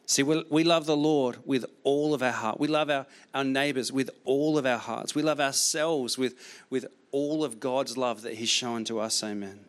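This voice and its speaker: A man's voice: mid-range voice, normal speed. A man preaching a sermon as pastor, repeating key phrases emphatically, with frequent restarts.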